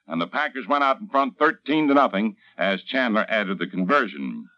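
Lively man reading radio sports news. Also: mid-range voice. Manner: brisk, emphatic play-by-play recap. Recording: dull lo-fi vintage radio broadcast.

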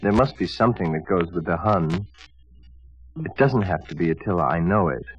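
A man playing Attila the Hun as a meek grown son who complains to his mother in a dry, deadpan way, in a 1960s radio comedy sketch. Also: low voice, normal speed, a little hiss or hum, lightly acted. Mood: plaintive. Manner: mild, plaintive, dry deadpan. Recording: dull old radio broadcast.

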